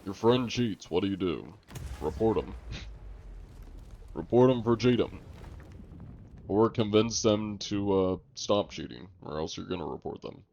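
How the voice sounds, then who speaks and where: A young adult man streaming a game live, chatting casually with viewers in a relaxed, rambling way full of fillers. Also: fairly low pitch, a little slow, creaky, long pauses, muffled recording, slight background noise. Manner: relaxed and rambling, lots of "like" and fillers, joking with chat. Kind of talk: casual live-stream chat while gaming.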